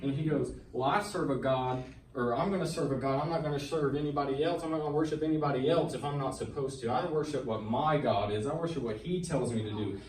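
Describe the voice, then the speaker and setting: A man's voice: medium pitch, quick pace. A man giving a personal testimony to a church congregation, retelling a Bible story in earnest, colloquial speech that builds in intensity. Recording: echoey church hall, mic at a distance, faint background noise.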